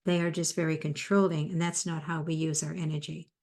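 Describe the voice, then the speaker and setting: Speaking fairly quickly, in a low-pitched, level and slightly mellow voice, a psychotherapist of fifty or more gives a conversational motivational talk. She tells personal anecdotes along the way.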